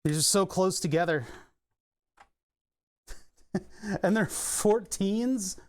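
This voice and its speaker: A man's voice: high voice, takes it slowly, a little hiss or hum. A man from Philadelphia with his local accent, chatting casually while taking apart a piece of studio gear on a live stream, muttering to himself and swearing at stubborn bolts. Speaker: electronics repair streamer. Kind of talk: casual live teardown chat.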